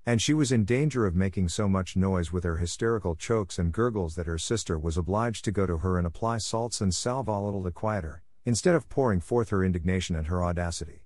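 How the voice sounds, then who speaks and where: A man narrating a classic story aloud in a steady, measured reading voice, recorded close. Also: deep voice, dry recording. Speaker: audiobook reader.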